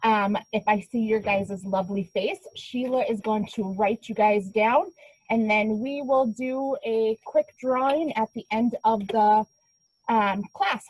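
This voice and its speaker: Chatty woman teacher on a video call, kinda husky, dry close sound. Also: on the high side, unhurried, a little mellow, no room sound, poor audio. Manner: upbeat, chatty, a little scattered. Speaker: class instructor. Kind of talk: hosting an online class.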